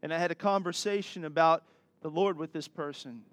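A man delivers a sermon in an earnest, exhorting way. His voice sits fairly high for a man, and he drops into light asides with a laugh before pressing his point again. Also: fairly quick, a bit bright, no room sound. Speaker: pastor.

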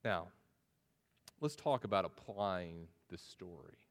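A man's voice: low voice, lively intonation, slow. A man preaching a sermon as pastor, earnest, often repeating words and restarting, his voice rising when he pleads. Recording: long reverb of a hall.

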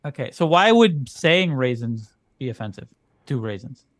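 A man's voice: medium pitch, big pitch swings, moderate pace, fairly bright tone, dry recording. A man co-hosting a comedy podcast, playing a dry, wry straight man who goes along with his partner's jokes. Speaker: podcast co-host. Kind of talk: comedy chat.

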